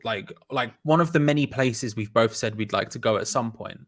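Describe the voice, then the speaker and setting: A man's voice: mid-range voice, normal speed. Laid-back young man. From North London. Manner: laid-back, joking banter. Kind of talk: casual chat.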